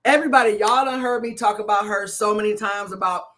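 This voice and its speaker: Woman minister hosting a live stream, bubbly, repeats herself a lot, bright and forceful tone. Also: mid-range voice, quick pace. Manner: excitable, repeats herself, greets viewers by name. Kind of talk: casual live-stream chat.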